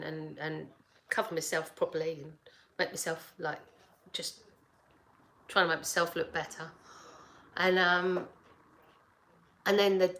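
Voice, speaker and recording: A middle-aged woman telling a personal story in casual chat, acting out what people said to her and laughing often. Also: lowish voice. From United Kingdom. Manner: animated, laughs often, acts out dialogue with repeated words.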